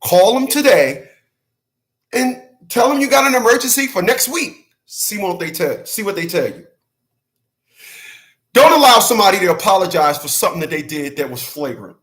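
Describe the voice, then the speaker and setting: A man's voice: sits high, a bit bright. A man hosting his own channel, talking casually and profanely, hammering points by repeating himself and laughing between rants. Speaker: channel host. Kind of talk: casual livestream rant.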